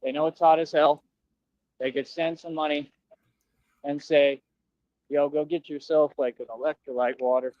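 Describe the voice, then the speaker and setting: A man's voice: a little high, level tone, moderate pace, long pauses, a little mellow, highs cut off. A young man ranting on a stream clip, boastful and taunting with lots of slang.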